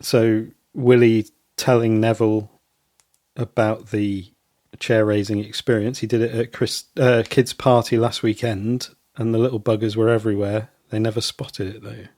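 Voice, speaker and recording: A man's voice: lowish voice, flat delivery, normal speed, a little mellow, no echo, studio quality. Hesitant man chatting on a podcast. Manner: rambling, hesitant with many ums. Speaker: podcast co-host. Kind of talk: casual chat.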